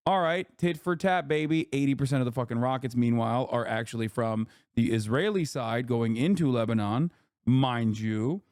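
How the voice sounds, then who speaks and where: A man's voice: mid-range voice, moderate pace, a little mellow, smooth, dry recording, studio quality. A man hosting a live stream, reacting to clips with blunt, profane, sarcastic commentary. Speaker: streamer host.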